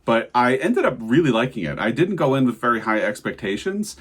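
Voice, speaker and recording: A man's voice: mid-range voice, sing-song, a little fast, husky. A man co-hosting a casual book review chat, summarizing in detail and giving frank opinions. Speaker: book channel co-host.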